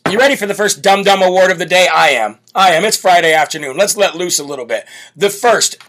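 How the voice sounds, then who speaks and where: Speaking fast in a high, slightly bright voice, this US political talk show host runs a live commentary program. He comes across as brash, bold and emphatic.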